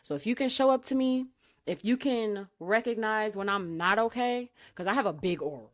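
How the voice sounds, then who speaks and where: A woman with a mid-range voice at normal speed co-hosts a casual podcast chat. She gives emphatic, preachy advice and often asks the listener to agree.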